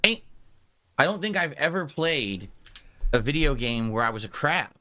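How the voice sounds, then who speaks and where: A man streaming, talking through gameplay in an animated, rambling way, tagging lines with "right?". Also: mid-range voice, moderate pace. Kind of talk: gameplay commentary. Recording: clip with loud music behind.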